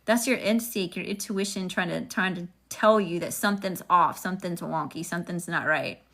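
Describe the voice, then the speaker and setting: A woman's voice: lowish voice, moderate pace, a bit bright. A woman, chatting sassily with viewers while giving a casual live-stream tarot reading. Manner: sassy, chatty, talks to viewers. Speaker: tarot reader.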